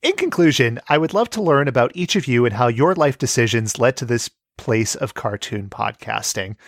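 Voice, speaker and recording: With a mid-range voice at a moderate pace, a male podcast host kids around and reads listener mail out loud, lively and playful. The sound is clean studio audio with no room sound.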